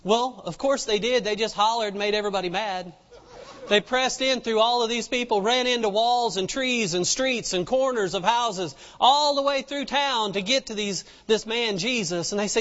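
A man's voice: sits high, normal speed, a bit bright. A man preaching a sermon in a folksy storytelling way, acting out the people in the story as he goes. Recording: dull lo-fi sound with long reverb.

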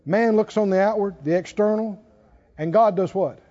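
In a reverberant hall with dull sound, a man with a high-pitched, mellow voice preaches a sermon at normal speed. He chuckles often and builds to emphatic calls to his listeners.

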